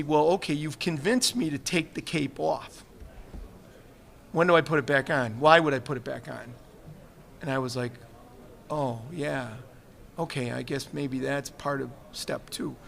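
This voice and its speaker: Gravelly and a bit bright, this man's voice sits at medium pitch. A retired fire chief, he recounts personal stories candidly and earnestly in a live interview on a trade show livestream set, reflecting as he goes and often repeating what others said.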